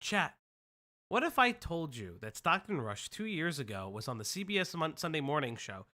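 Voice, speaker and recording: A US stream host delivers excitable, casual commentary, swearing and restarting sentences. His voice is medium-pitched at normal speed.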